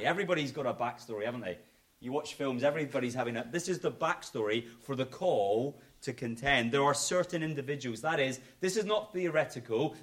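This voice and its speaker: Expressive male preacher. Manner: expressive, swings from emphatic to low and quiet. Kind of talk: sermon.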